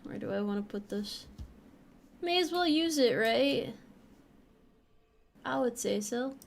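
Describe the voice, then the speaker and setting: A young woman streams a game and chats casually, joking around playfully and swearing offhandedly as she plays. Her voice is on the high side, animated, slow, and creaky, with a little hiss or hum in the audio.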